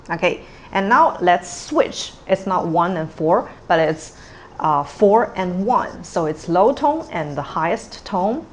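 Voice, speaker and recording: A woman's voice: fairly low pitch, animated, measured pace. A woman teaching a pronunciation lesson, explaining patiently step by step with frequent "okay" and "uh". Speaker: language teacher.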